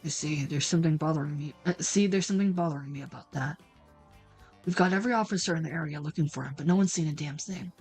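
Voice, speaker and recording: A woman doing a gruff, driven detective in a video game, curt and no-nonsense. The voice is pitched low and flat, all business. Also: quick pace, soft background music. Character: stern male police detective, gruff and driven. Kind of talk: reading a video game aloud.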